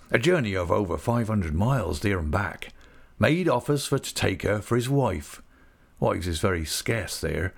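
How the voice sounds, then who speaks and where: A man voicing a gentle, sorrowful older fisherman, talking slowly and earnestly in a homely way. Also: on the low side, vocal fry. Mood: plain. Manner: slow, earnest, homely storytelling. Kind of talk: audiobook character reading.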